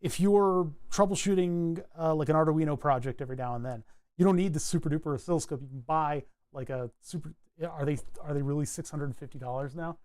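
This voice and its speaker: A man's voice: a little high, brisk, darkish tone. Rambling man streaming circuit board design. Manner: rambling, self-interrupting, wry asides. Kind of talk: casual live-stream chat while working.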